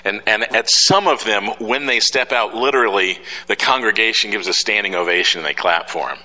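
A man's voice: on the low side, brisk, pushed and bright. A middle-aged man giving a sermon, telling a story in a conversational way with rhetorical questions to the congregation. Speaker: pastor. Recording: long hall reverb.

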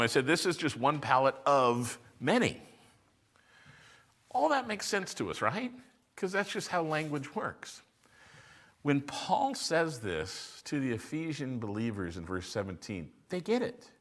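A pastor delivers an expository sermon to his congregation in a medium-pitched, fairly bright voice. He teaches by posing rhetorical questions and then answering them himself.

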